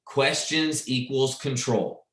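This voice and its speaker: Emphatic male sales trainer, mid-pitched, keeps asking "right?", roomy echo. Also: fairly even intonation, takes it slowly, a bit bright. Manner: emphatic, checks in with frequent "right?". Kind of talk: coaching a training session. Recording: echoey room.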